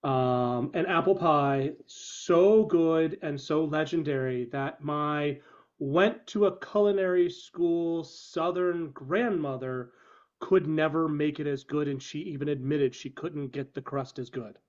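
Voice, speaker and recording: A man reminiscing fondly in casual chat with the group, halting and thoughtful. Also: on the high side. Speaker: player. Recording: muffled lo-fi audio.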